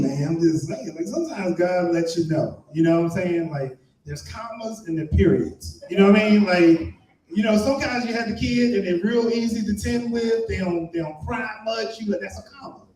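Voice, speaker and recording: A man's voice: high voice, dark tone. A man from Maryland doing stand-up comedy and emceeing, joking loosely with a live crowd. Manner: loose, playful crowd banter. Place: live comedy venue with an audience. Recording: roomy echo, mic heard from a distance.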